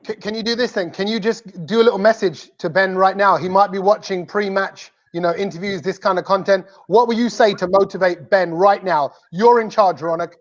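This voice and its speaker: Jokey host, high voice. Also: male voice, brisk, hardly any pauses, highs cut off. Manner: jokey, playful, stumbles over words. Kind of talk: casual fan chat.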